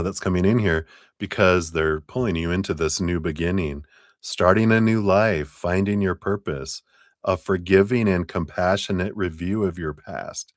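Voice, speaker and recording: A man giving casual live tarot readings on a stream, talking in a gentle, rambling, encouraging way. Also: low voice, dry recording, studio quality. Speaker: tarot reader.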